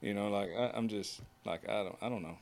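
A man's voice: lowish voice, fairly quick. A man who works as a horseshoer, telling casual stories as a podcast guest and acting out the lines of others. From United States. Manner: folksy, acts out quotes. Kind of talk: casual storytelling.

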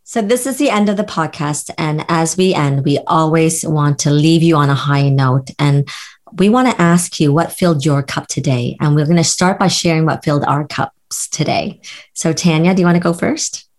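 A woman hosting a podcast, talking casually and warmly affirming her guest while reflecting on her patients. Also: deep voice, moderate pace. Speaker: podcast host; health practitioner with patients.

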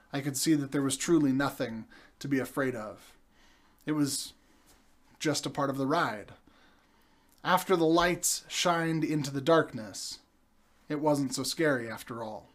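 Male preacher, young adult, slightly high voice, storytelling sermon with dramatic pauses.

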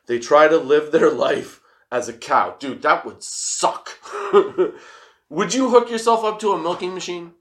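A laid-back young man talks in a loose, rambling way, giggling often and swearing freely. He is high, and it shows in his easy, meandering delivery as he hosts a casual stoner chat. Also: measured pace, a bit bright. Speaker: host.

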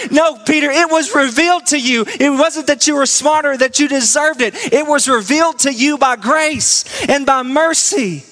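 High bright-voiced male preacher. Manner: preaching with emphatic repetition, reading scripture aloud slowly. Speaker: pastor. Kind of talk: sermon.

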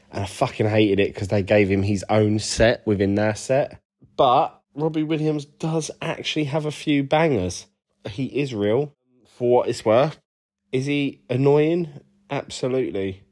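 A man with a low, mellow voice chats loosely through interview answers. He rambles, swears freely and pokes fun at himself, full of casual asides. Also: measured pace. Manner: rambling, sweary, self-deprecating banter. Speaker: band bassist and lead vocalist, interview guest.

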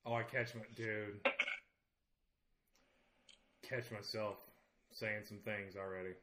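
A man's voice: fairly low pitch, level tone, slow, bright, forceful tone, reverberant, slight background noise. A man with a Southern accent hosting a podcast, chatting casually in a rambling, joking, profane way. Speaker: podcast host.

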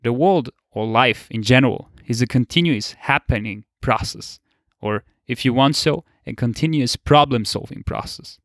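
A man's voice: medium pitch, moderate pace, a bit bright, dry recording, studio quality. A young man giving a casual motivational monologue, laid-back, swearing casually and laughing often. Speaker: motivational podcaster.

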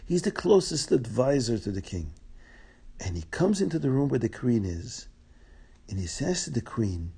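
Gravelly male storyteller telling a folk tale. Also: mid-range voice, sing-song, unhurried, pauses often, dark tone. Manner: plain, repetitive, explaining to listeners.

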